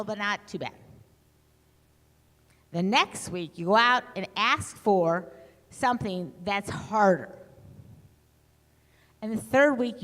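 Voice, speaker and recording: A middle-aged woman speaking to an audience in a lively storytelling talk, acting out the voices she quotes. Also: mid-range voice. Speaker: conference speaker. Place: conference hall. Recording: long hall reverb.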